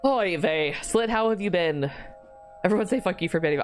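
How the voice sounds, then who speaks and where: A woman's voice: lowish voice, lively intonation, brisk, soft background music. A woman streamer chatting casually during a live game stream, swearing freely as she banters with her chat.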